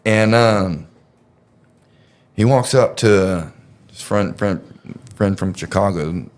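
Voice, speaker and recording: A man's voice: fairly low pitch, slow, a little mellow. A man casually telling a story on a podcast, rambling and profane, with lots of fillers.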